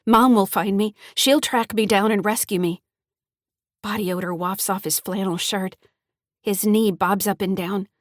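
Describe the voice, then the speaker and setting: A frightened teenage girl tells her own story in a shaky, pleading voice, as a woman reads the audiobook. Her pitch sits in the middle and the sound is dry and close to the mic. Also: fairly even intonation, unhurried, no echo, lightly acted. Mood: tense. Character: frightened teenage granddaughter, first-person narrator. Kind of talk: audiobook narration.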